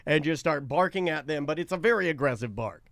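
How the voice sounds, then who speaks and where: A man's voice: on the high side, lively intonation, brisk, gravelly, fairly bright tone, no echo, studio quality. A man co-hosting a casual talk show, telling rambling, self-mocking stories. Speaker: radio show co-host. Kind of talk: casual chat.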